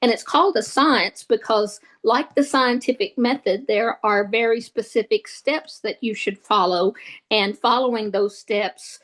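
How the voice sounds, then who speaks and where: Instructor, female, slightly high voice; halting lecture delivery full of "um"s and self-corrections. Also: a bit bright, poor audio. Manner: hesitant, many fillers and restarts. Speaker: statistics instructor. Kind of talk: recorded lecture.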